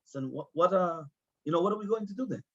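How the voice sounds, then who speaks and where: A rabbi gives a Talmud class in a somewhat high, husky voice. He keeps the lesson going with rhetorical questions and moves between Hebrew and English. The recording sounds dull and muffled. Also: animated, fast. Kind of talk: Talmud lecture.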